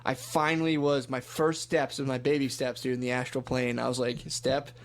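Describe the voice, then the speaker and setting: A man's voice: medium pitch, flat delivery, brisk. A man on a podcast in casual chat, rambling through a story and acting out his own quotes. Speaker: podcast co-host.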